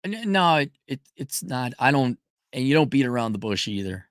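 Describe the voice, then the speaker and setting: A man's voice: normal speed, dry recording, clean studio sound. A middle-aged man hosting a livestream, answering viewer questions in a blunt, profane, emphatic way. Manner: profane, emphatic, animated pitch jumps. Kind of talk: blunt opinionated livestream chat.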